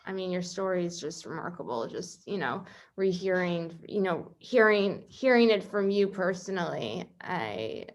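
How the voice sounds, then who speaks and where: A woman interviewer with a slightly low voice and a lot of vocal fry. She talks softly and hesitantly, often stopping to restart with "um" and "you know.". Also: expressive, moderate pace, hardly any pauses. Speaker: interviewer, host. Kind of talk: casual conversational interview.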